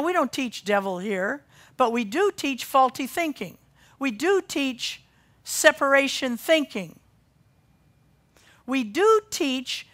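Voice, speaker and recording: Dynamic woman preaching a sermon. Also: sits high. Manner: dynamic preaching, swinging from loud emphasis to quiet intensity. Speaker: pastor.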